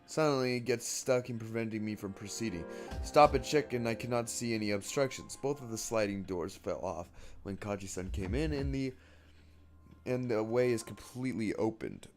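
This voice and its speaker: A man streaming a game, reading its text aloud and thinking aloud in a halting, casual way. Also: fairly low pitch, soft background music.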